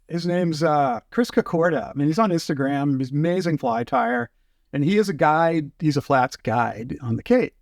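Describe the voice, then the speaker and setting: A man telling fishing stories as a podcast guest, in casual chat, animated and full of fillers. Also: mid-range voice, no room sound, studio quality. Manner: animated, acts out quotes, many fillers.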